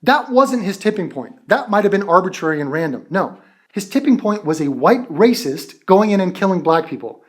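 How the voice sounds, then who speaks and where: A man's voice: high-pitched, very animated, moderate pace. A man hosting a reaction commentary, ranting in a profane, mocking and exasperated way. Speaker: commentary channel host.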